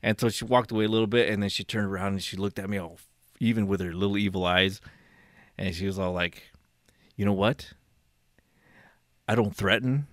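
Brief: man in his 40s, lowish voice, dry close sound, casual swearing storyteller. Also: little pitch movement, quick pace, no echo. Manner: profane, laughing, acts out quoted people.

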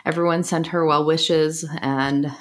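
A woman with a low voice co-hosting a casual podcast. She is effusive and upbeat as she wraps up the show. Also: steady tone, unhurried. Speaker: podcast co-host. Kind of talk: casual chat.

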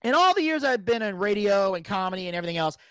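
A man's voice: high voice, fast talker, smooth, no echo. A man telling a long story on a podcast as a guest, casually and with plenty of swearing, acting out what people said. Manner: animated, profane, acts out quotes.

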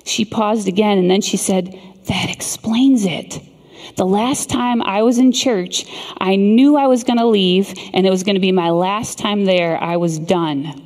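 A middle-aged woman giving a sermon, telling a story in an earnest, measured way with dramatic pauses. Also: medium pitch, a little mellow. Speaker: speaker. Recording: long hall reverb.

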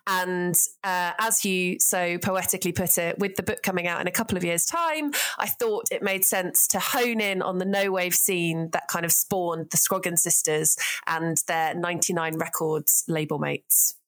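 An enthusiastic woman speaking as a podcast guest. Her voice sits a little low for a woman. She explains things in a friendly, lively way and often breaks into laughter. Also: moderate pace. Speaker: guest, music writer. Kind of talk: casual chat.

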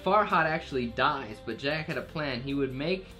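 A man's voice: medium pitch, animated, moderate pace, pushed and bright, soft background music. A man casually recapping a TV episode's plot for a podcast, rambling with fillers and jokey asides. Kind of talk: casual chat.

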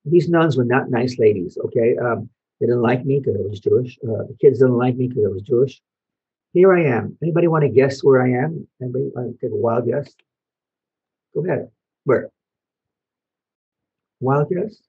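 An older Belgian man, a Holocaust survivor, gives a personal testimony talk to an audience, telling his life story while showing photos. He speaks in a storytelling manner with short pauses and puts questions to his listeners. His medium-pitched voice has a breathy edge, and the sound is phone quality.

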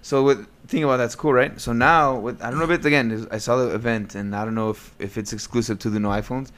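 A man's voice: medium pitch, steady tone, quick pace, a bit bright. A man in his late twenties hosting a podcast from home, chatting casually, rambling and laughing often, recorded on a desk USB mic. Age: 20s. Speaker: podcast host. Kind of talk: casual chat. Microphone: desk USB microphone.

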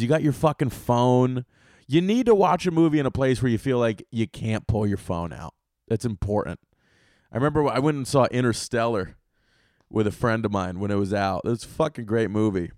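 A young man hosting a solo podcast, talking casually and with lots of swearing, swinging from loud outbursts to low muttering. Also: no echo, clean studio sound. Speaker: podcast host.

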